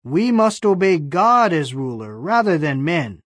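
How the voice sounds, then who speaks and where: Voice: medium pitch, expressive, measured pace, no echo, studio quality. The narrator voicing Peter, a bold male apostle, speaking firmly in a storybook reading.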